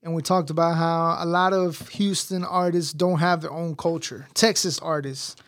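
A man's voice: a little high, flat delivery, normal speed, fairly bright tone, no room sound, studio quality. A man hosting a casual interview, asking long questions that wander and restart. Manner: rambling, hesitant, full of restarts. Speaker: interview host.

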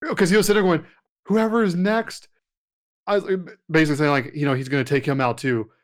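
A man co-hosting a podcast, chatting in a relaxed, agreeable way and retelling moments with quoted lines. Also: fairly high pitch, very fast. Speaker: podcast co-host. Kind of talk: casual wrestling review chat.

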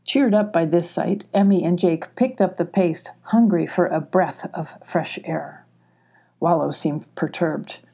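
A woman narrating a children's audiobook in a measured, gentle way. Her voice is husky and mellow, with a gravelly edge. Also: fairly low pitch. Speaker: audiobook reader.

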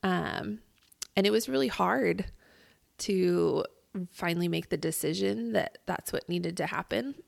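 A woman co-hosting a podcast, talking in a relaxed, reflective way with a husky morning voice. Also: lowish voice, no echo, studio quality. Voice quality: gravelly vocal fry. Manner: reflective, halting with fillers. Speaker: podcast co-host. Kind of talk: casual podcast chat.

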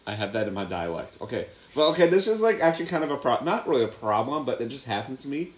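A man's voice: medium pitch, big pitch swings, fast talker. Young man rambling in an echoey room. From Ohio, USA. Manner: rambling, filler-heavy storytelling. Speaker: podcast co-host. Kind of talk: casual chat. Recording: roomy echo.

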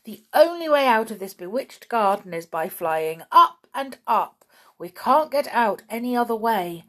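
A woman voicing an excitable male pixie in a storybook reading, fussing and breathless. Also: a little high, unhurried, pitched above the performer's own voice. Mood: eager. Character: excitable male pixie, fretful then gleeful.

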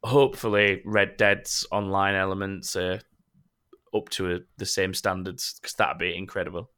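A man's voice: low voice, fairly even intonation, moderate pace, bright, forceful tone, clean tone. A man hosting a casual gaming podcast, rambling and joking, swearing now and then. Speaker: podcast host.

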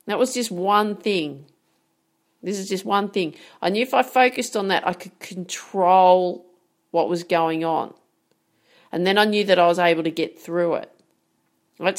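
A woman, talking straight to her audience as a sports mindset coach, earnest and emphatic, with frequent rhetorical questions. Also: fairly low pitch. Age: 40s. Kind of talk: direct-to-camera coaching talk.

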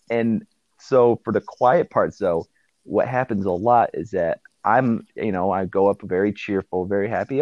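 A man's voice: lowish voice, moderate pace, a little mellow, dry recording, muffled recording. A man telling stories in a casual chat, acting out quotes from customers. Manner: storytelling with acted-out quotes. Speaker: guest co-host.

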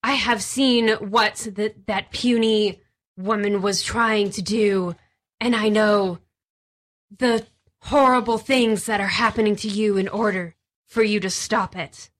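A woman's voice: medium pitch, steady tone, a bit bright. A woman voicing a monstrous telepathic horror with a hissing, menacing delivery. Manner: slow, ominous pronouncements.

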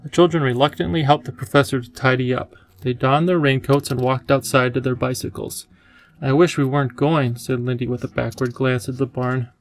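A man narrating an audiobook in a calm, measured storytelling way. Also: medium pitch.

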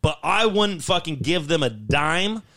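A fired-up man tells a grievance story on a podcast, cursing constantly. His slightly high voice swings widely as he relives the argument. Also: measured pace. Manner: profane, animated, heated storytelling. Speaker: podcast host. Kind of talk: casual ranting story.

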